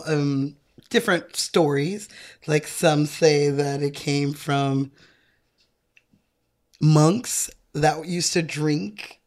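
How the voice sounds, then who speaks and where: A young woman with a low, darkish voice co-hosts a casual chat, making cocktails and explaining drinks in a laid-back, rambling way while laughing often.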